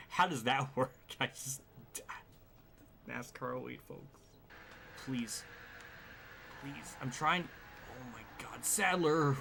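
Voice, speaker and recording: A man's voice: medium pitch, sharp tone, a little hiss or hum. A male streamer giving live gameplay commentary, frustrated, swearing and sighing often.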